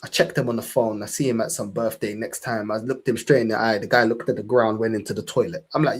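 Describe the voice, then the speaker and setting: Young London man, fan-show host, husky, impassioned and profane. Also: fairly low pitch, fairly even intonation, fast, few pauses. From England. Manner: impassioned, swearing, repeats "bro". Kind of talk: casual podcast chat.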